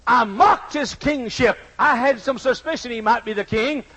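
A male preacher delivering a sermon with great passion, speaking in the first person as repentant sinners and swinging from hushed, low pleading to shouting. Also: moderate pace, slightly rough, poor audio.

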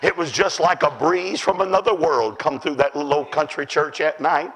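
A man preaching a sermon, telling stories with fervour and often shouting. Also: on the high side, moderate pace, breathy edge, low-quality recording. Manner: fervent storytelling, often shouting.

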